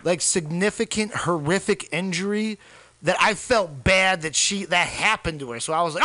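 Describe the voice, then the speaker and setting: A man telling crude, animated comic stories on a podcast. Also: sits high, moderate pace. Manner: brash, profane, animated. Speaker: podcast co-host, comedian. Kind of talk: crude comedic storytelling.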